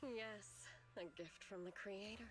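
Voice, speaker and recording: A woman's voice: mid-range voice, fairly even intonation, takes it slowly, faint music behind, lightly acted. A woman voicing a fervent female zealot in a game, scornful and preaching. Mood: smug.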